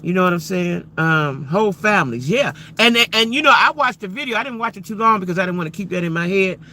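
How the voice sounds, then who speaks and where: A man's voice: high-pitched, animated, quick pace, bright, forceful tone. A man hosting a casual livestream who speaks emphatically, repeats himself and keeps asking his viewers rhetorical questions. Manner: repetitive, emphatic, addresses viewers directly. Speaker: livestream host. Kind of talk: casual live-stream commentary to chat.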